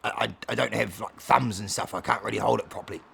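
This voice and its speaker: A man voicing a laid-back, crude male talking cat who tells tall tales in a low, slow drawl. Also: gravelly, pushed and bright, breathy edge, heavily acted. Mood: deadpan. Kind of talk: comedic storytelling.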